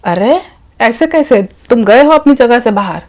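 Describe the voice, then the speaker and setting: A woman's voice: on the high side, lively intonation, rapid-fire. A woman voicing a blunt, skeptical male job interviewer who fires off teasing questions.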